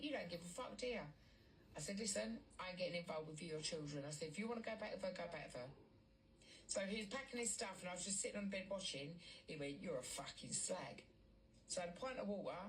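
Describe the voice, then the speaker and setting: A woman's voice: medium pitch, lively intonation, fast. A woman telling a story in casual chat. She is blunt, swears heavily and acts out the dialogue. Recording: distant mic, faint background noise.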